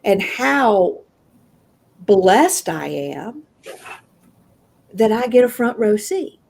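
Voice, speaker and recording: A woman with a Southern American accent telling a personal story as an interview guest, acting out the voices of the people in it with big jumps in pitch. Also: very animated, very slow, creaky, a little mellow.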